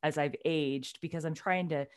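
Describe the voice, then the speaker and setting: A middle-aged woman with a light Southern twang, co-hosting a casual podcast chat with quick laughs. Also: sits low. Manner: animated, chatty, quick laughs. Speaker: podcast co-host.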